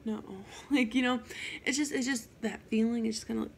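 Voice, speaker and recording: A young woman casually telling a personal ghost story in a chatty, animated way, with asides and swearing. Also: on the high side, normal speed, vocal fry, a little hiss or hum.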